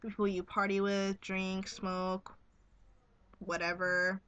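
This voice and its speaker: A young woman talks straight to her camera at home in a casual vlog. Her voice is bright and clear, and she giggles, swears freely and speaks bluntly. She sounds like she is recording on the camera's own mic. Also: medium pitch, level tone, slow, muffled recording. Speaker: vlogger.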